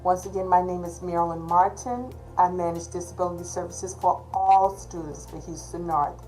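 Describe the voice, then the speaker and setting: A woman's voice: lowish voice, normal speed, dark tone, soft background music, low-quality recording. A woman with a Texas accent, a college disability services manager, giving an emphatic orientation talk on a video call and repeating her key points. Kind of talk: virtual orientation presentation.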